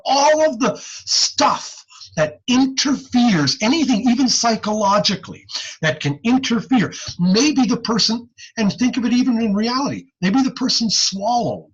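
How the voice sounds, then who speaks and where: Lively husky male lecturer. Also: a little high, highs cut off. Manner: animated, folksy teaching with frequent "okay?" checks. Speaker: audiology lecturer. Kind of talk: recorded online lecture.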